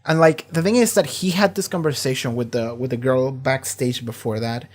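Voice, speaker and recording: A man's voice: medium pitch, normal speed. Profane, rambling man reacting to a show. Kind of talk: casual reaction commentary.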